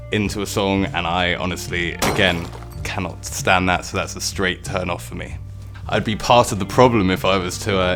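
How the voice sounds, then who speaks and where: Deep-voiced, blunt male musician. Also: a bit bright. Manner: blunt, opinionated. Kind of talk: casual interview answers.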